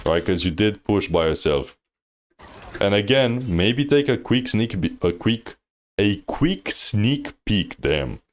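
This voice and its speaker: A man with a notably deep, low-pitched voice talks through a viewer's match like a livestream coach. He keeps it loose and slangy and often breaks into teasing laughter. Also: animated, slow pace, slight background noise. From Thailand. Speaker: game coach reviewing gameplay. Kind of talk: casual livestream coaching commentary.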